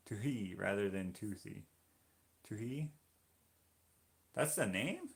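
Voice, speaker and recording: A man's voice: on the low side, expressive, measured pace, vocal fry, long pauses. A man hosting a live painting stream, reading viewer comments aloud and joking with them. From Canada. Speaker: livestream host painting. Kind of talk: casual livestream chat reading comments.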